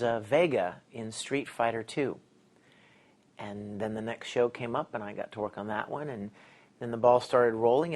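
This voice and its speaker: A middle-aged voice actor talks through his career in a casual interview. He is animated, laughs often and acts out the lines people said to him. His pitch sits in an ordinary middle range.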